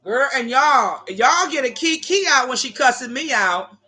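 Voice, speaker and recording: A woman's voice: high-pitched, lively intonation, measured pace, pushed and bright. A woman hosting a livestream, telling stories to her chat viewers in a brash, profane way and talking to them as "y'all". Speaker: livestream host. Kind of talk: casual storytelling to live chat viewers.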